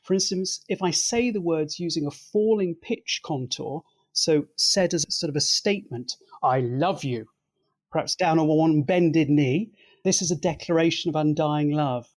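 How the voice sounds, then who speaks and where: Expert male guest, methodical lecturing delivery, slightly raised pitch. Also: normal speed, hardly any pauses. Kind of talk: explanatory interview talk.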